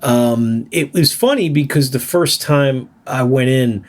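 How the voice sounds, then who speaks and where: A man co-hosting a podcast, telling animated stories in casual chat and laughing as he goes. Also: medium pitch, a little slow. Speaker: podcast co-host.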